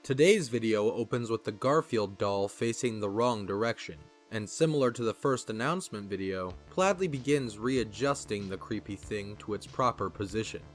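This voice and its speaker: A man narrating a scripted video essay with a wry, lively delivery. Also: lowish voice, moderate pace, few pauses, faint music behind.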